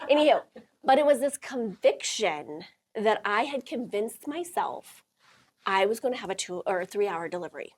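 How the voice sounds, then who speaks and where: A middle-aged woman with a slightly husky voice tells a personal story to a small group. She laughs often and acts out what other people said. Her pitch sits in the middle range. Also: animated, moderate pace. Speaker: host. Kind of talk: storytelling talk to a small audience.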